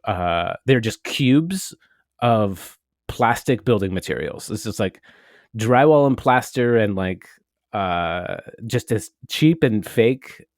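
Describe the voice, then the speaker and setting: On a podcast, a male co-host tells a story in a rambling, casual chat, swearing now and then. His voice is on the low side, expressive and slow, captured in a dry, clean studio recording.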